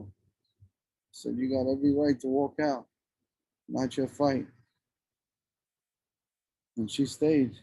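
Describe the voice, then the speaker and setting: A man's voice: medium pitch, gravelly, mellow, dry recording, rough recording. A man in his forties, a guest talking outdoors with blunt, profane passion. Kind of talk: emotional casual conversation. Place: outdoors among trees and birds.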